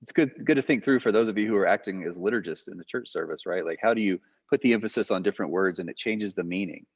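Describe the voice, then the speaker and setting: Low-voiced man lecturing conversationally. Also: fast talker, husky, dry recording. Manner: loose, thinking aloud with fillers. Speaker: guest lecturer. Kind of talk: conversational teaching. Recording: muffled lo-fi audio.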